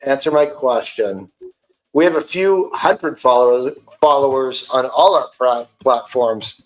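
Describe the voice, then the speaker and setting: A podcast host, a man, retelling an online argument in a casual, animated and profane way. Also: medium pitch, unhurried, reverberant, faint music behind, low-quality recording. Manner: animated, profane, indignant storytelling.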